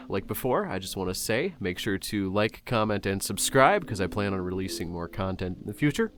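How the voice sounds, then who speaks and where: Excitable swearing young man, lively pitch. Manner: excitable and sarcastic, swears often. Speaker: YouTube host reacting to announcements. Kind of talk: casual commentary.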